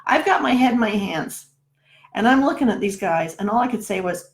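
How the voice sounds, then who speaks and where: Middle-aged woman just chatting a story to the camera, keeps saying "right?", mid-pitched. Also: expressive, fairly quick. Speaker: numerologist. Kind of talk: casual spoken storytelling.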